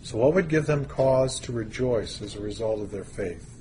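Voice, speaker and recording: A man preaching a sermon, teaching through a Bible passage in a measured way with pauses and stressed words. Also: medium pitch, lively intonation, warm tone, slight background noise.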